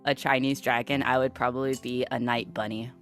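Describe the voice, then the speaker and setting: A woman's voice: a bass voice, steady tone, a little fast, faint music behind. A woman chatting as a guest on a streamed talk show, eager and talkative, laughing easily. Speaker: podcast guest.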